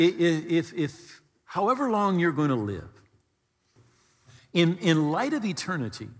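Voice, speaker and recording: Older male pastor, 70s, fairly high husky voice, expressive sermon delivery, long hall echo. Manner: expressive preaching, reading scripture aloud with sudden rises and drops in pitch.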